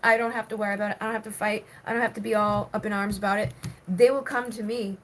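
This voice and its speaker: A woman's voice: mid-range voice, fairly even intonation, quick pace, a little hiss or hum, low-quality recording. A woman doing a live-stream tarot reading, reading viewer comments aloud and talking through the cards in a chatty way with many fillers. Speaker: tarot reader.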